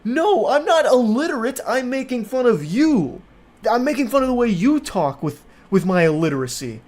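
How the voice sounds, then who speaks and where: A man mocking a shrill, whiny forty-year-old ranter. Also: very animated, moderate pace, a little mellow, exaggerated voice. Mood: smug indignant. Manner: mocking, exaggerated, indignant.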